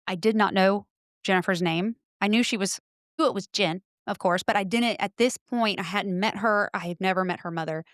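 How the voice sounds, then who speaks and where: A middle-aged woman, a podcast guest, telling a spooky personal story in casual chat, breaking into loud quoted exclamations. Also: mid-range voice, brisk, dry recording, studio quality.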